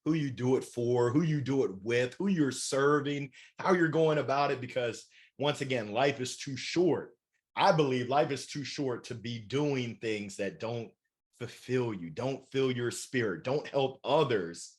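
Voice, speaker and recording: A man in his forties, a keynote speaker and author, giving energetic, playful motivational answers in an interview. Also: medium pitch, unhurried. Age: 40s. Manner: animated, playful, motivational, acts out voices.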